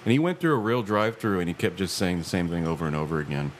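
A man with a fairly low voice that swings up and down a lot hosts a loose, jokey podcast chat. He laughs often and trails off mid-thought. A clear hiss of noise sits under the recording. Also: big pitch swings, very fast. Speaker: podcast host. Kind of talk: casual chat.

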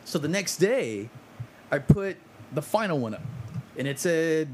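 A man co-hosting a podcast, telling a story in an animated way and swearing a lot while chatting casually. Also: a little high, moderate pace, slight background noise. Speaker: podcast co-host and self-published author. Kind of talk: casual chat.

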